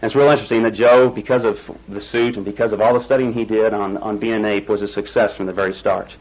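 Husky man preaching a folksy sermon. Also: on the low side, fast talker, dull audio. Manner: folksy storytelling, rising excited when telling the climax. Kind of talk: sermon with illustration story.

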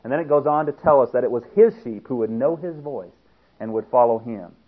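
A man delivering an emphatic radio sermon, reading passages aloud and swinging between loud stress and quiet asides. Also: medium pitch, animated, brisk. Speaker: preacher. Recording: tinny lo-fi radio broadcast.

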